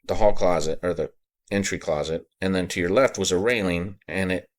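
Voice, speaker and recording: A man hosting a podcast, telling a personal story in a halting way, repeating words and getting choked up. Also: deep voice. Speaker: podcast host.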